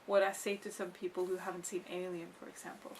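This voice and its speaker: A woman co-hosting a film review, chatting casually and emphatically, a little halting at times. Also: on the low side, level tone, heavy background noise. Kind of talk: casual chat.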